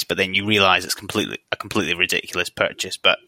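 Rambling Edinburgh-accented co-host. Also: male voice, low voice, rapid-fire, sharp tone, no echo. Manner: rambling, hedging with sort of, self-mocking. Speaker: podcast co-host. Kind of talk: casual podcast chat.

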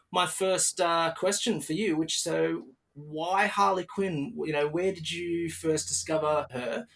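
A man's voice: on the high side, creaky. A young Australian man hosting a casual podcast interview, upbeat and chatty, with plenty of fillers and restarts. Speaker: podcast host.

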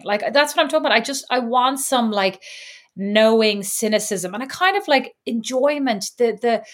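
A woman in her thirties with an Irish accent, co-hosting a podcast in casual, wry, self-deprecating chat. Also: a little high. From Ireland. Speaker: podcast co-host.

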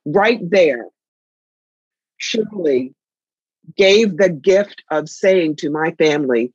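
A woman's voice: sits low, slow pace, pauses often, slightly rough, no echo, highs cut off. A woman guest telling personal family stories candidly and reflectively in conversation. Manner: candid, reflective, with lively emphasis. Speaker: author and guest.

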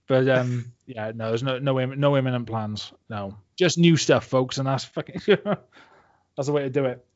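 A man's voice: medium pitch, moderate pace, a little mellow. A man speaking as a guest in a casual interview, rambling with lots of fillers and swearing freely. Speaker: interview guest, comics creator. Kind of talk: casual podcast chat. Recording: dull lo-fi, dry.

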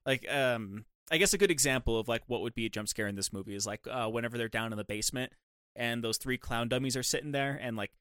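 A man's voice: medium pitch, fast talker, fairly bright tone, clear, resonant tone, no room sound, clean studio sound. A young man co-hosting a podcast, rambling in casual chat with many "like" fillers. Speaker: podcast co-host.

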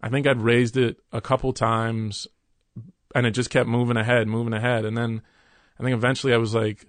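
A man as an interview guest, candidly recounting a workplace conflict in an earnest, halting way with many restarts. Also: medium pitch, level tone, dry recording.

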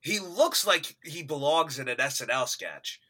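A man co-hosting a casual movie review chat, animated and quick to laugh. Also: fairly high pitch, husky. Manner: animated, laughs often, mimics actors with loud outbursts.

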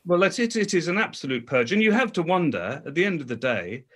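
A man's voice: fairly high pitch, sing-song, fast, a bit bright. A man speaking as a talk show guest, emphatic and indignant, often restarting his sentences. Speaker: guest commentator.

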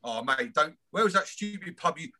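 Host guy, bit high and bright, rambly laughing storyteller. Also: lively intonation, normal speed. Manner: rambling, chuckling, swears casually. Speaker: podcast host. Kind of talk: casual chat.

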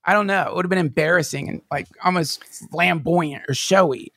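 A man with a gravelly, creaky voice tells a personal story in a rambling way, full of fillers and restarts. He sometimes sounds close to tears. The sound is dry and close. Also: on the high side, brisk, a bit bright, no echo. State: near tears at times. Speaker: podcast guest.

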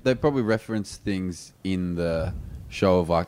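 A man's voice: deep voice, normal speed. An Australian man co-hosting a casual chat show, telling stories with energy and laughing often. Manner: animated storyteller, laughs often, acts out voices.

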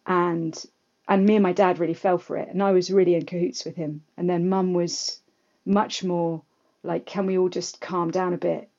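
A woman from London, a guest telling family stories in a lively, anecdotal way with quick asides. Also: lowish voice. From England, London. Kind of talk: casual storytelling interview. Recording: slightly dull lo-fi audio.

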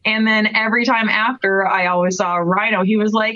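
A woman's voice: medium pitch, steady tone, brisk, bright, forceful tone, no echo. Cape breton woman in her 30s gabbing thru a story, lots of likes and giggles, dry dull podcast sound. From Canada, Cape Breton. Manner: chatty storyteller, many "like"s, laughs often. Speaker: guest wrestler. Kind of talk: casual interview chat.

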